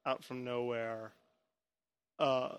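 A man's voice: medium pitch, level tone, takes it slowly, clean tone. A man hosting a podcast, chatting casually about a film with many restarts and hedges. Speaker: podcast host.

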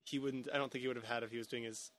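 A man's voice: mid-range voice, steady tone, rapid-fire, fairly bright tone, dry recording. A man hosting a podcast, chatting casually about a film with many restarts and hedges. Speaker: podcast host.

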